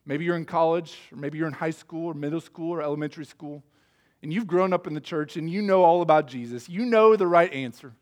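A male pastor preaching a sermon in an emphatic, measured way, asking rhetorical questions. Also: fairly high pitch.

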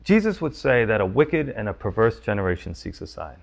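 A man's voice: fairly low pitch, sing-song, brisk, vocal fry. A man preaching a sermon, teaching verse by verse with emphatic, urgent questions. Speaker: pastor.

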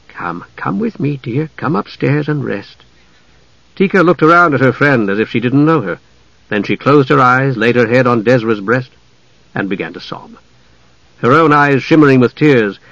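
A man reading a fantasy novel aloud in measured, scripted audiobook narration. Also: mid-range voice, a bit bright, dry recording. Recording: dry, slightly dull audiobook recording.

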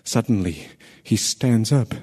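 An actor playing a messenger in a radio play, telling a terrible event urgently and vividly. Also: male voice, lowish voice, takes it slowly, a little mellow, breathy edge. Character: breathless male messenger bearing terrible news.

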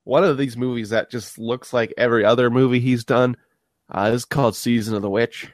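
Brief: young male co-host, mid-pitched, laid-back and dry, dead close mic, no room. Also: fairly even intonation, a little fast, no room sound. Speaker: podcast co-host. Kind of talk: casual chat.

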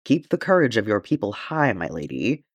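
A man's voice: on the low side, big pitch swings, normal speed, breathy edge, no room sound. A man reading the part of a courteous, stalwart male dwarf warrior in an audiobook, in formal, gallant speech.

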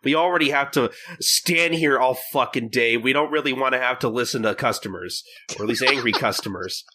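A man's voice: mid-range voice, brisk, bright, forceful tone, slight background noise, close to an everyday voice. A man voicing an exasperated, snippy female receptionist. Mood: irritated.

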